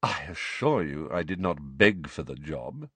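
A man's voice: rumbling low, sing-song, slightly rough, no room sound, voice pushed down, exaggerated voice. A man doing Snape, a silky sneering teacher. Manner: silky, sneering, slow and soft. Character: cold, sneering, silky male potions teacher.

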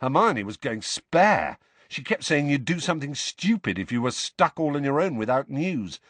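A man reading the part of a loyal, flustered teenage boy in an audiobook, higher and blustering. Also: very animated, normal speed, fairly bright tone, no room sound.

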